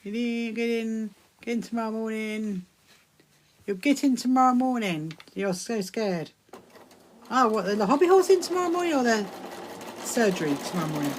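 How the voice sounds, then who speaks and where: A woman hosting a casual sewing live stream, chatting and rambling with bursts of excitement as she answers viewers. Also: a little high, brisk, noisy background. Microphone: phone streaming live.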